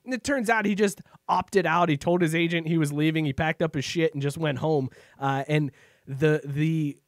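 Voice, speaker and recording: A man co-hosting a casual podcast, with a somewhat high voice. He talks in a relaxed way and fills the gaps with "uh"s. The sound is dry and close. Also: moderate pace, no room sound. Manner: laid-back, many fillers and laughs. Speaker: podcast co-host. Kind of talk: casual chat.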